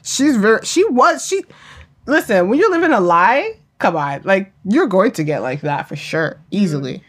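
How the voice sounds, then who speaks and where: A woman in casual conversation about a TV drama, animated and laughing often, acting out quotes. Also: mid-range voice, normal speed, husky.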